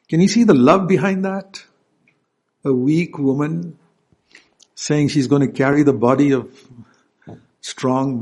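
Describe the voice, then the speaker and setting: A man's voice: mid-range voice, a little mellow, breathy edge. A male preacher giving an earnest sermon, stopping to explain scripture verses.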